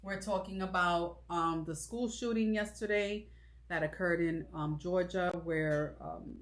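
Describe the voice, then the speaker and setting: A woman's voice: on the low side, unhurried. Chatty woman podcast co-host, roomy sound. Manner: chatty, repeats greetings to viewers. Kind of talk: casual livestream chat. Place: Kissimmee, Florida.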